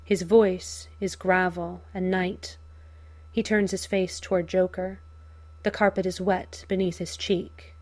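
A woman reads a story aloud in an unhurried, measured way. Her voice sits a little low, and she lets every line land slowly. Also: darkish tone. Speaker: narrator. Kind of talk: audiobook reading of fan fiction.

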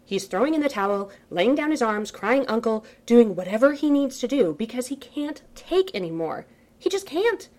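A woman reading a story aloud in a wry, animated way, swearing freely in the narration. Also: a little high, normal speed. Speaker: reader of fan fiction.

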